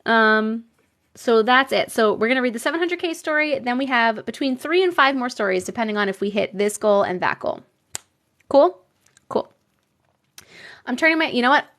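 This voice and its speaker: A woman with a New York accent talks casually to viewers on a live stream. Her voice sits a little high, and she reacts in animated bursts and exclamations. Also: moderate pace, long pauses. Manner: animated, exclaiming and laughing often. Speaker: live stream host reading viewer stories.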